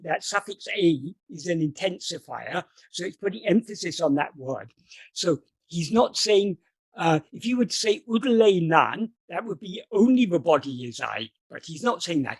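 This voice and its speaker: A man's voice: high-pitched, darkish tone, no echo. Methodical male teacher on a video call. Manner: careful, methodical, rephrases points for clarity. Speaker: spiritual teacher answering questions. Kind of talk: explanatory talk on scripture.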